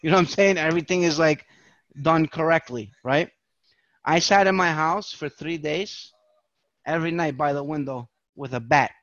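A man's voice: on the high side, moderate pace, a bit bright, no room sound, dull audio. Profane rambling New York man. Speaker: podcast host. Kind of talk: casual chat.

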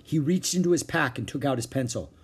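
A man reading a children's chapter book aloud, with expressive narration. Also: mid-range voice, a little fast, breathy edge. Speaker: storyteller.

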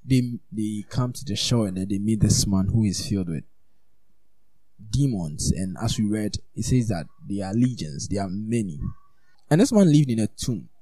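Male preacher, casual animated sermon, low-ish warm voice, dry close sound. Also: moderate pace, no room sound. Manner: informal, animated, full of "like" and "you know". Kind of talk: conversational sermon.

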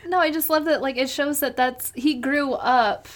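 A woman's voice: sits high, fairly even intonation, normal speed. A woman co-hosting a casual chat, enthusiastically agreeing and adding her favorite moments. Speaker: podcast co-host.

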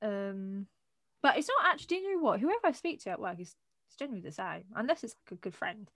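A woman co-hosting a podcast in casual chat, animated and blunt, swearing and asking rhetorical questions. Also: medium pitch, fast, dry recording, studio quality. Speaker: podcast co-host.

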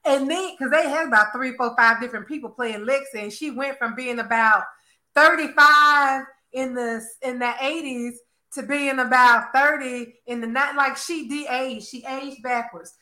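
High, bright-voiced gossipy woman. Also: moderate pace. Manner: animated, gossipy, keeps calling listeners honey and girl. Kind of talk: casual chat. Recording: roomy echo.

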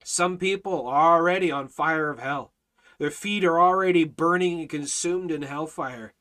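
A man teaching a Bible study in a fiery preaching style, hammering his points with repeated phrases and rising to near shouts. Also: a little high, moderate pace.

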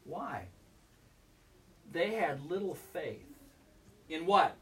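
Male pastor, conversational sermon in a church, high voice, mic set back. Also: big pitch swings, slow pace, long pauses, a bit bright, far from the mic, slight background noise. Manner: conversational, asks the congregation questions. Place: church sanctuary.

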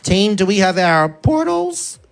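An energetic preacher delivering a sermon who keeps checking in with the congregation. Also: mid-range voice, measured pace, vocal fry, faint music behind. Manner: energetic, checks in with frequent "okay?".

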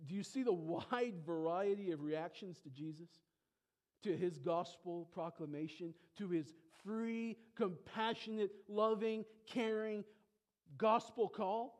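A male pastor preaching a sermon, emphatic, with rhetorical questions, swinging between loud exclamations and hushed asides. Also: sits high, slow pace. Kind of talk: expository sermon.

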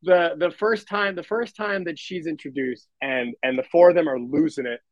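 A man's voice: on the high side, moderate pace, dry recording, muffled recording. A man co-hosting a podcast, chatting casually about a comedy film, rambling and often breaking into laughter. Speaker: podcast co-host. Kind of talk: casual movie review chat.

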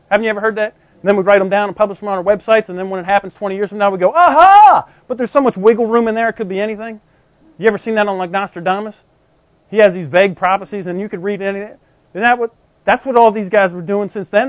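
His high voice carries a conversational sermon full of rhetorical questions aimed at the congregation. It comes through a dull, dry, lo-fi recording.

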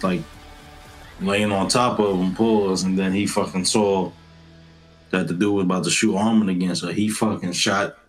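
Low-voiced young man recapping anime. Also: breathy edge. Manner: loose, rambling, profane slang, many restarts. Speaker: podcast co-host. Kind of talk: casual anime recap chat.

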